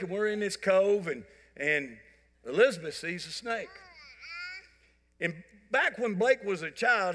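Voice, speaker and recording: Animated pastor, bright voice. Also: male voice, high voice. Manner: folksy storytelling, animated and joking. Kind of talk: sermon. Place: church sanctuary. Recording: church hall reverb.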